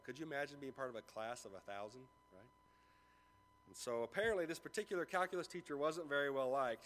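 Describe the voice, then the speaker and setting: A pastor delivers a sermon in a mid-range, slightly bright male voice, acting out dialogue in a story before moving into scripture. The long reverb of a large room surrounds the recording.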